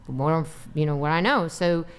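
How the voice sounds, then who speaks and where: A woman's voice: sits low, normal speed, smooth. A woman who is a guest on a casual podcast panel, rambling and filling her talk with "you know.".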